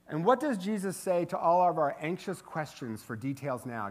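A man's voice: on the high side, moderate pace, hardly any pauses, a little mellow. Casual, joking male pastor preaching. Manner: conversational, humorous, rhetorical asides. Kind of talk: sermon.

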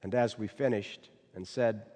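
A man serving as a chaplain gives a devotional sermon in a slow, measured, earnest way. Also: fairly low pitch, a little mellow, in a large hall.

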